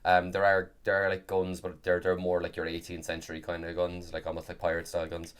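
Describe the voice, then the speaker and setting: Deep-voiced man in rambling chat. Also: monotone, a little fast, smooth. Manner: rambling, restarts sentences often. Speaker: podcast co-host and game master. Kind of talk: casual chat.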